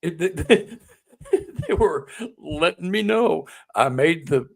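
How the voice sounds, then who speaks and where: A man on as a guest, telling a personal story in a conversational, emotional way. He gets excited and stumbles over repeated words when the memory moves him. His voice sits close to tears. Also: on the high side, slow pace, vocal fry. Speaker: author and guest.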